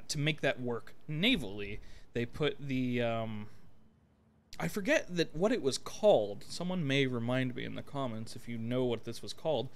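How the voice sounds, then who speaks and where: A young man at a desk mic talking through a strategy game, loose and unscripted. He rambles and swears casually, with plenty of fillers and restarts. His voice sits at an average pitch for a man. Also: fairly bright tone. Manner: rambling, profane, with frequent fillers. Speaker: gameplay video host. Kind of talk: casual gameplay commentary.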